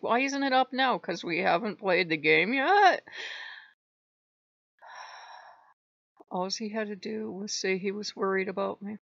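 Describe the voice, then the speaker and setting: A woman vlogging in casual chat, telling a story in an animated, exasperated way with frequent laughs. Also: mid-range voice, gravelly, no echo, dull audio. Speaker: vlogger on a spirituality channel.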